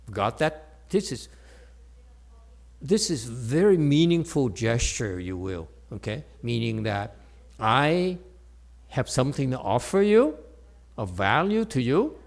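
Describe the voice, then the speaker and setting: Very animated yet slow, with long pauses, a mid-range male voice leads a dharma talk in a meditation center hall. He is a Chan meditation teacher, playful and joking, who often checks in with his live audience.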